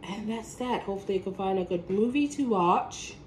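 A woman's voice: mid-range voice, animated, a little fast, slight background noise, low-quality recording. Chatty woman vlogging from work. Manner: chatty, repeats herself, tags lines with "okay?"; passionate, now and then gets loud. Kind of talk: casual chat to camera. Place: at work, indoors.

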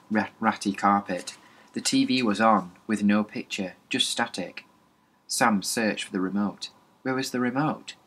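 A man's voice: on the low side, fairly bright tone, slightly rough. A man reading a novel aloud as an audiobook, plainly, with small slips and restarts. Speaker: reader.

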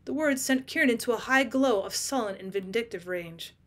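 A woman who works as a teacher, narrating a classic short story as an audiobook in a clear, steady storytelling manner. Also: a little high, a little fast. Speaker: teacher reading aloud.

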